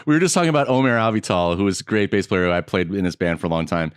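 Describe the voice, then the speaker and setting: Male guest, friendly storyteller, quick to laugh; dry sound. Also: low-pitched, clean tone, no room sound. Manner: friendly storyteller who laughs easily and repeats himself. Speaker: guest jazz saxophonist. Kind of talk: casual interview chat. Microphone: video call.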